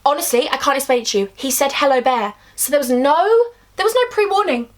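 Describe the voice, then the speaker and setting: A woman's voice: high-pitched, animated, fast. A young woman from England telling a chatty, emphatic storytime vlog, acting out bits of dialogue. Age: young adult. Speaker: vlogger.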